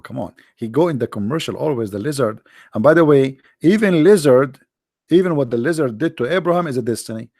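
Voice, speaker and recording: A middle-aged man hosting a livestream, joking sarcastically and reading the chat aloud, in halting non-native English. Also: mid-range voice, a little mellow, no room sound, studio quality. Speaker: livestream host. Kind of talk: casual live-chat banter.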